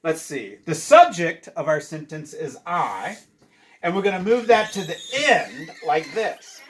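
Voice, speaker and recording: A man's voice: on the high side, measured pace, a little hiss or hum. A man, a children's book author, chatting casually with young readers and reading aloud from his own book. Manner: animated, chatty, many uh fillers.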